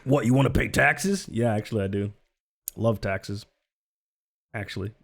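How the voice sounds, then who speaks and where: A streamer giving sarcastic, laughing, animated commentary on a live stream. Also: mid-range voice, normal speed, gravelly.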